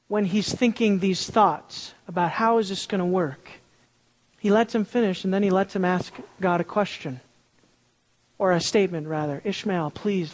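A preacher delivers an animated sermon, repeating words for emphasis. The voice sits at a middling pitch. A long reverb from a large hall hangs on every phrase.

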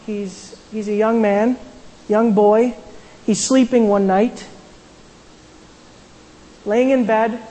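A woman's voice: a little high, warm tone, long reverb tail, rough recording. A woman casually retelling a Bible story as a sermon, with conversational asides and frequent restarts. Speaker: Bible teacher.

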